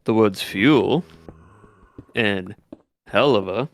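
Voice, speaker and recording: A male streamer in casual chat who rambles with many fillers and drawls some words out in a put-on Southern voice, recorded on a compressed mic that makes him sound monotone. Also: fairly low pitch, drawn-out words. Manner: rambling, many fillers, explains things loosely. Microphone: desk microphone with built-in compression.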